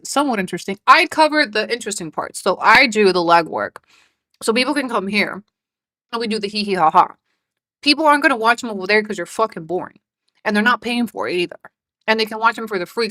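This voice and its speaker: A woman's voice: medium pitch, bright, forceful tone, dry recording. A woman from Mexico, a live commentary streamer, mocking another creator with profanity and frequent laughter.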